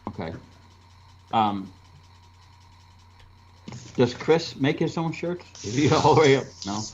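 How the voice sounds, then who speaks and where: A man's voice: medium pitch, expressive, slow, highs cut off, background noise. A man co-hosting a casual podcast, joking and asking questions, throwing in crude jokes.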